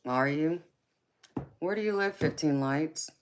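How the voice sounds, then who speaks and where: A woman with a Southern US twang, softly chatting with her livestream viewers and calling them honey and baby. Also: sits low, a little slow, slight background noise. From California. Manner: soft-spoken, affectionate, calls viewers honey and baby. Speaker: livestream host and tarot reader. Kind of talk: casual live chat with viewers.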